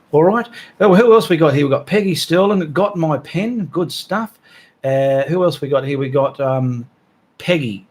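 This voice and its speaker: A man's voice: mid-range voice, a little mellow, a little hiss or hum. Chatty man hosting a live stream. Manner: chatty, friendly, reads out viewer names with small asides. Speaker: host of a live art stream. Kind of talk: casual live-stream chat.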